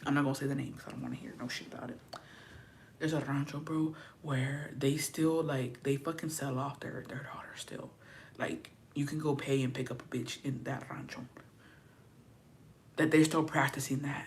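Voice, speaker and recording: A young woman hosting a casual livestream, chatting loosely and reading out viewer comments in a loud, profane, animated way that drops now and then into hushed whispers. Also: rumbling low, normal speed, a little hiss or hum. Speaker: livestream host.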